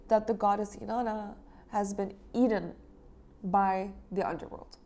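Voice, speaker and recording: Mellow-voiced woman retelling an old myth. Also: mid-range voice, unhurried, vocal fry. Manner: chatty and irreverent, fillers and mild swearing. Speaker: host. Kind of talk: casual retelling of an ancient poem.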